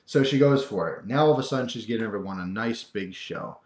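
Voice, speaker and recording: Lowish-voiced man ranting in an echoey room. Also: quick pace. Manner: animated, acts out quoted voices, wry asides. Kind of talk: casual rant to camera.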